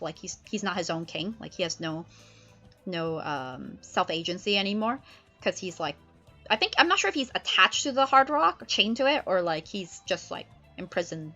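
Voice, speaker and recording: A young woman explains a play in a casual, chatty way full of fillers. Her voice is bright and forward. The stream sound is a little dull, with faint music behind. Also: on the low side, expressive, normal speed. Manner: chatty, filler-heavy paraphrasing. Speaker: streamer discussing literature.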